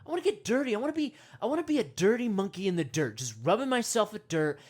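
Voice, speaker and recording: A woman playing an excitable male self-help podcast host who rambles, repeats himself and trails off mid-thought. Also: mid-range voice, quick pace, husky. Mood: worked up. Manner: rambling, repeats words, trails off, grunts monkey noises. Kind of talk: comedic parody meditation podcast.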